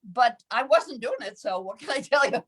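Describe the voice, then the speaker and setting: This seventy-something actress has a voice on the high side and speaks at a moderate pace. Telling interview stories about her early career, she's lively, laughs often, and acts out quoted voices.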